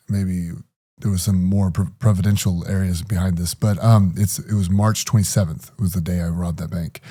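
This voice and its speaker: A man's voice: sits low, mellow. A middle-aged man telling his story in an interview, hesitant, with many fillers and restarts. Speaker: guest.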